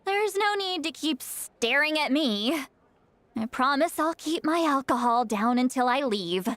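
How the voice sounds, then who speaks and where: A drunk, grouchy ageless shaman granny in a game, slurring through gruff, self-pitying rants. Her voice sits high and swings widely as she drawls along slowly, with soft game music underneath. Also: animated, no room sound. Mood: gruff, ranting. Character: tipsy, grumpy ageless female shaman granny.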